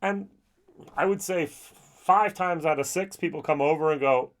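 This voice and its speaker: A man talking casually in a whiskey review, chatty and animated, acting out the people he meets in quick little voices. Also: on the high side.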